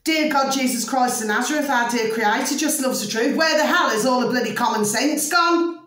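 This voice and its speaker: A woman's voice: high voice, moderate pace, a bit bright, heavy reverb, far from the mic. A woman vlogger in an opinionated monologue, emphatic and ranting, forever asking her viewers if they see what she means. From United Kingdom.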